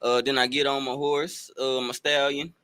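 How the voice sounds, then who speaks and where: A man's voice: medium pitch, level tone, normal speed, pushed and bright, clear, resonant tone, lightly acted. A man doing a rambling cowboy. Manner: rambling, hesitant, full of fillers. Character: lonely working male cowboy. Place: radio studio.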